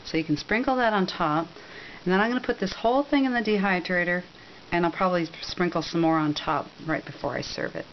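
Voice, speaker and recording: A woman's voice: lowish voice, fairly quick, muffled recording, a little hiss or hum. A woman giving a casual, rambling recipe demonstration, chatty, with frequent ums and self-corrections. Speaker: cooking demonstrator.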